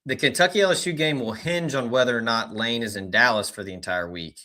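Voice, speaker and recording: A man guesting on a sports podcast as a recruiting analyst, talking in relaxed, filler-heavy casual chat. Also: mid-range voice, quick pace.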